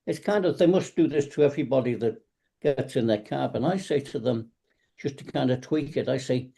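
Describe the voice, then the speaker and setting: Man, tai chi teacher on a video call; dark gravelly tone, casual and anecdotal. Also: medium pitch, animated, moderate pace. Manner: rambling, anecdotal, acts out cab drivers' lines. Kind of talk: casual online panel talk.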